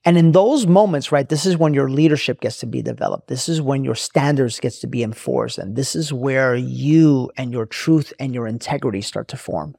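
A man's voice: mid-range voice, normal speed, vocal fry, few pauses, mellow, breathy edge, no echo, clean studio sound. A man hosting a podcast, telling a personal story in an emphatic, preachy way and repeating his phrases for effect. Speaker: podcast host. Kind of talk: motivational storytelling monologue.

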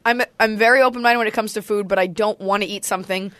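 A woman in her thirties, a comedian guest, telling stories in quick, sarcastic casual chat. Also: medium pitch, fairly even intonation, a bit bright, no echo.

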